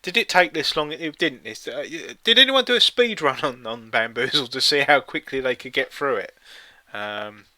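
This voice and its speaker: A man's voice: mid-range voice, lively intonation, moderate pace, sharp tone, no echo. A man co-hosting a live stream, reading quiz questions aloud with jokey asides in casual chat. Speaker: co-host playing a teletext quiz on stream.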